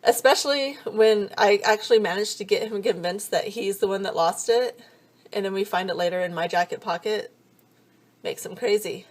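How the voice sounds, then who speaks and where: A woman's voice: mid-range voice, normal speed. A woman in her thirties vlogging, telling funny stories in a chatty, sarcastic way, swearing freely and acting out both sides of each conversation. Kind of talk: casual comedic storytelling.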